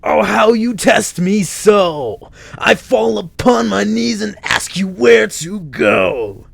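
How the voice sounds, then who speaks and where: A man's voice: high voice, expressive, gravelly, no room sound, pitched above the performer's own voice, heavily acted. A man doing a wailing, pleading stranger. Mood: anguished. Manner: dramatic, drawn-out and pleading. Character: wailing male stranger crying out to heaven.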